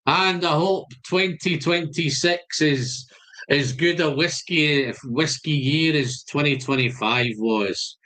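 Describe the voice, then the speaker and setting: Man, Scottish accent, slightly high voice, friendly live-stream host, casual chat. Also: takes it slowly, pushed and bright. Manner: chatty, friendly, greets viewers by name. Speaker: whisky channel host.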